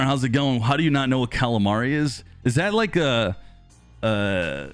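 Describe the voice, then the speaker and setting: A man in his thirties casually chatting with viewers on a live stream, rambling and talkative, losing his voice and clearing his throat. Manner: chatty and rambling, lively pitch swings when greeting viewers. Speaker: streamer host reading live chat.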